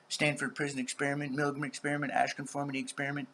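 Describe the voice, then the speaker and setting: A middle-aged man in a rambling, profane vlog monologue, dropping to whispers and bursting into shouts. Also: a little high, fast, slight background noise. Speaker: vlogger.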